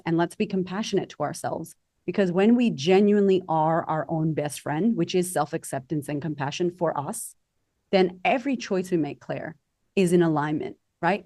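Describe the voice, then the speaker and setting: A woman's voice: on the low side, darkish tone, dry recording, studio quality. A woman confidence coach talking animatedly as a podcast guest, acting out quoted voices. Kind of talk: podcast interview.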